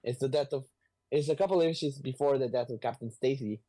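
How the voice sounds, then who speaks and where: A man's voice: mid-range voice, fast talker. Man rambling through a comic story. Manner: animated, rambling, with restarts. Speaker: podcast host retelling a comic story. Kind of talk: casual retelling.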